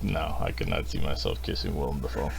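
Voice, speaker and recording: A man's voice: extremely low pitch, very animated, vocal fry, faint music behind. A man co-hosting a podcast, chatting casually about a horror movie, laughing often and swearing. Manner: slow, laughs often, profane. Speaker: podcast co-host.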